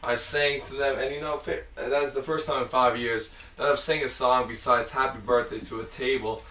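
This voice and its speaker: A man's voice: mid-range voice, steady tone, moderate pace, bright, forceful tone, far from the mic. A man in his twenties chatting on a podcast, brash and boastful, swearing through playful trash talk. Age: 20s. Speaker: podcast co-host. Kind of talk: casual chat. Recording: roomy echo, off-mic.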